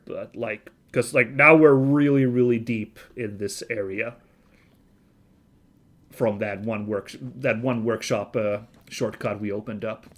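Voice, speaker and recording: A man hosting a casual let's-play video, chatty and thinking aloud with frequent fillers and self-corrections. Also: on the low side. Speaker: gaming video host.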